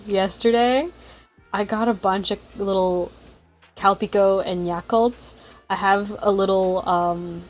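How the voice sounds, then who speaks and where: A woman's voice: medium pitch, a little mellow, rough recording. A chatty, giggly woman streams a story game, rambling between lines she reads aloud. Her voice sits in the middle range, and faint music plays underneath. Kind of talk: casual game commentary and reading aloud.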